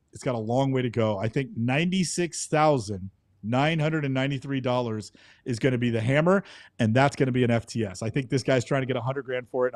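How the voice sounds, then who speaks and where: A man's voice: mid-range voice, darkish tone, no echo, clean studio sound. A man co-hosting a car auction podcast, giving direct, confident predictions. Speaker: podcast co-host. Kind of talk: casual car auction chat.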